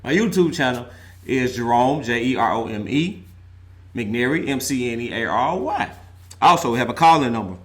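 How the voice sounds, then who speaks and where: A man's voice: mid-range voice, expressive, normal speed. A man hosting a casual football talk show, joking and chatty. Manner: laid-back, joking, chatty with y'all slang. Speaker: sports talk show host. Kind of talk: casual sports talk livestream.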